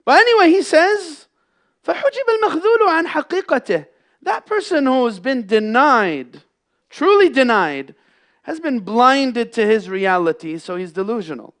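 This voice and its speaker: A man with a fairly high voice preaches a Friday sermon in a mosque. He builds to loud, emphatic peaks and then drops to hushed, quiet lines. He often slips Arabic phrases into his English. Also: sing-song, measured pace. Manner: impassioned, swings between loud emphasis and hushed lows, mixes in Arabic phrases. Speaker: imam giving a Friday sermon. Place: mosque prayer hall.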